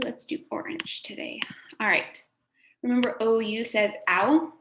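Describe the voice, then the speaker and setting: A woman's voice: medium pitch, measured pace. A woman teacher giving a recorded phonics lesson to a class, encouraging and sing-song, drawing out words for the children to repeat. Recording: echoey room, faint background noise.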